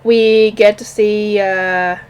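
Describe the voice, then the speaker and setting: A woman's voice: mid-range voice, steady tone, slow pace, a little mellow. A woman talking casually on her own about an anime episode, rambling and often stopping to search for names. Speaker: anime reviewer. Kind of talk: casual solo review.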